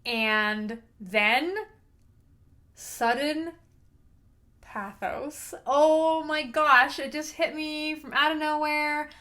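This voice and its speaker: Female vlogger, high-pitched and bubbly, casual book-review chatter with lots of exclamations. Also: extremely slow. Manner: gushing, animated, playful exclamations.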